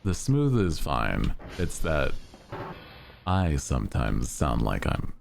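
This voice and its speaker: A man's voice: very deep voice, huge pitch swings, slow pace, gravelly, background noise. A man chatting casually on a live stream as its host, with a melodic, lilting delivery that rises at the ends of sentences.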